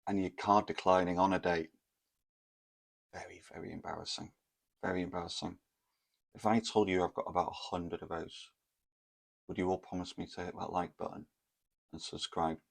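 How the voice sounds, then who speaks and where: A man in his thirties with a low, gravelly voice chats to camera. He rambles, mocks himself and wanders off into asides as he tells the story. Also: fairly even intonation, normal speed, pauses often. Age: 30s. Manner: rambling, self-mocking, full of fillers and asides. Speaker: vlogger.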